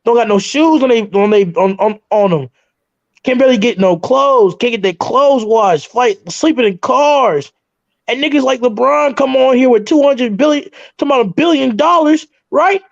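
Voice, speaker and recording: High, gravelly man on dull lo-fi audio. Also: expressive, moderate pace, no room sound. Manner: indignant, stumbling restarts. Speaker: livestream panelist. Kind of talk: casual talk.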